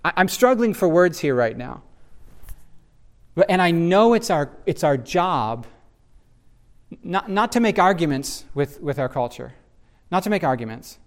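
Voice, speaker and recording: A man's voice: fairly high pitch, expressive, a little slow, long pauses. A man leading a conversational Bible discussion, speaking earnestly and searchingly, often restarting his sentences as he looks for words. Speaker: Bible teacher.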